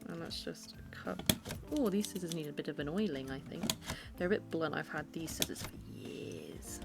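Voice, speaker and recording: A woman's voice: low voice, moderate pace, vocal fry, over loud music. A young British woman chatting casually at home while she sketches, rambling and self-deprecating. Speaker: art vlogger. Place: her living room at home.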